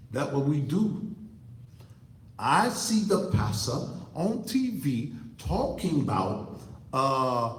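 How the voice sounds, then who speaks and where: A man's voice: medium pitch, echoey room, rough recording. A man delivering a fiery, preachy commentary monologue to camera as an online talk show host, repeating himself for emphasis. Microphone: computer setup facing a monitor.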